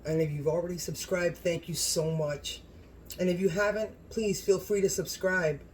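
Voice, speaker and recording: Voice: medium pitch, steady tone, moderate pace, slight background noise. A home cooking channel host talking to the camera in a casual vlog, gushing and exclaiming often about the food.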